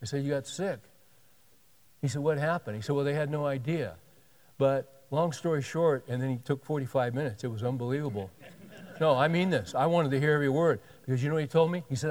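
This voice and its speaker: A man's voice: a little high, fairly quick, darkish tone, long reverb tail. A male pastor telling a story in a sermon, animatedly acting out the dialogue of the people in it.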